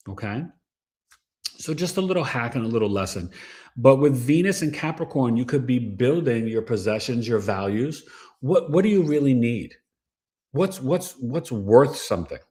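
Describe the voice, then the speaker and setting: A man hosting a casual astrology livestream, giving animated, preachy advice with plenty of slang. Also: mid-range voice. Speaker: astrologer and show host.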